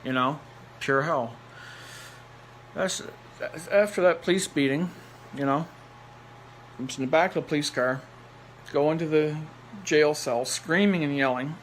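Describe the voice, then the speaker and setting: A man's voice: fairly high pitch, measured pace, long pauses, slight background noise, rough recording. A man telling a personal story in a blunt, rambling way, repeating phrases for emphasis and laughing in between. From Nova Scotia, Canada.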